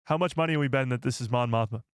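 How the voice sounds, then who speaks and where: An excitable man hosting a live stream reaction, addressing his chat. He sounds incredulous and fired up. His voice sits mid-pitch and is recorded very dry and close. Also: rapid-fire, clean tone, no echo.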